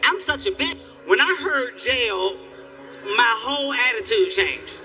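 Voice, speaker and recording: Male stand-up comic, high-pitched and sharp, animated delivery, miked on a stage some distance off. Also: unhurried, soft background music. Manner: animated storytelling, acts out characters, yelling bits. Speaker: stand-up comedian. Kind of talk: stand-up comedy set. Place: theater stage before a live audience.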